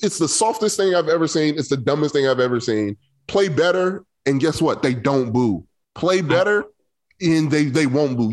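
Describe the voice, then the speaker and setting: Blunt, high-voiced sports chat man. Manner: blunt, emphatic opinions. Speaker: sports talk co-host.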